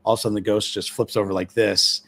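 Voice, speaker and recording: A man with a fairly low voice tells a ghost story in a casual live chat. He rambles, stacks up fillers, and acts out everyone he quotes in short bursts. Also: flat delivery, quick pace, gravelly, fairly bright tone. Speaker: guest storyteller, former ship employee.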